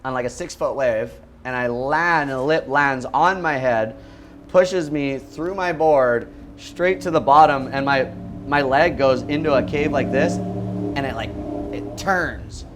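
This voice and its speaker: A man's voice: medium pitch, unhurried, slight background noise. A man from Hawaii, a pro surfer, telling stories in casual chat, loose and laid-back, full of fillers, acting out voices. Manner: laid-back, lots of "like" and "you know"; acts out voices in his stories. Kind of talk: casual storytelling.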